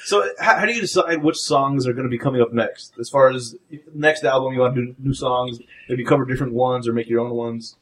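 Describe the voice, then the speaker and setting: A man's voice: mid-range voice, fairly quick, few pauses, fairly bright tone. A man hosting a podcast in a studio, asking questions casually and stumbling over repeated words. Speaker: podcast host. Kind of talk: casual interview chat.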